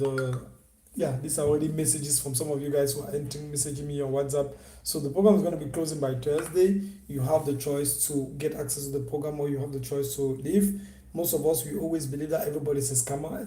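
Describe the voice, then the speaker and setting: A man's voice: a little high, warm tone, a little hiss or hum. A man hosting a casual live stream, coaching viewers on online selling in a repetitive, persuasive way. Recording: echoey room.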